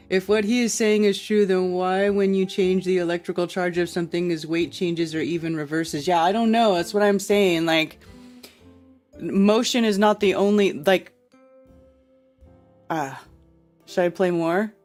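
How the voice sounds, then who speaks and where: A woman's voice: on the low side, moderate pace, a little mellow, faint music behind. A woman hosting a casual livestream, chatting and reacting with laughs as she comments on a played clip and reads out viewer comments. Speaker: livestream host.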